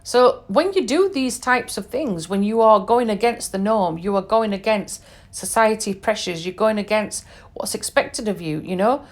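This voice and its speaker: A British woman from England hosts a podcast, telling personal travel stories in a monologue. Her voice sits at medium pitch, and she talks conversationally and emphatically, full of fillers and asides.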